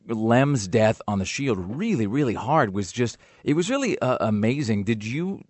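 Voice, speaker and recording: A man's voice: on the low side, dry recording. A man interviewing a guest, asking long, rambling questions in a chatty way, with frequent restarts. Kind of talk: casual radio interview.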